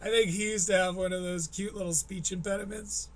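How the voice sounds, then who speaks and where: A man's voice: sits high, fairly even intonation, fairly quick. A man hosting a live stream, giving sarcastic, profane commentary on a clip he is watching. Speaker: host.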